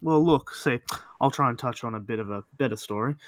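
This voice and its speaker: A young man talks casually on a podcast, teasing his friends and swearing freely. His voice sits at an ordinary middle pitch. The recording is close and dry. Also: fairly quick, dry recording, poor audio. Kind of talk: casual chat.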